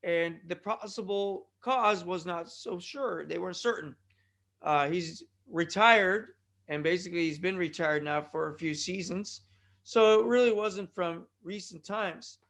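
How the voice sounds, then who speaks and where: Rambling high-voiced podcast host. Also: male voice, a little slow, fairly bright tone. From California. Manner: rambling, jokey asides, addresses listeners as folks. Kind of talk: casual rambling podcast monologue.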